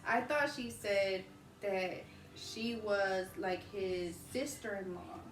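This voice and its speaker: A woman in her thirties, a vlog host, telling a personal story in casual, animated chat and often breaking into laughter. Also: medium pitch, takes it slowly. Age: 30s. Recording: roomy, distant mic, faint ambience.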